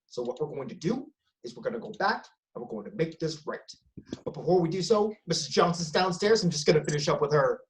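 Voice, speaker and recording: A measured, fatherly presidential voice scolding a teenager, as a stand-up comic puts it on. Unhurried and steady, with a lecturing cadence. It comes through a video call. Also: a little high, recorded from a distance, a little hiss or hum, voice pushed down, close to an everyday voice. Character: impression of a calm male US president scolding a teen.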